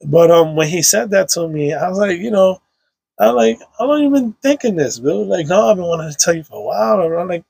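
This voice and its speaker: Gravelly man telling a loose story. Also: high-pitched, brisk, darkish tone, no echo. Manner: loose, emotional storytelling with slang and fillers. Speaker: podcast guest. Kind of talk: casual conversation. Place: indoor recording room.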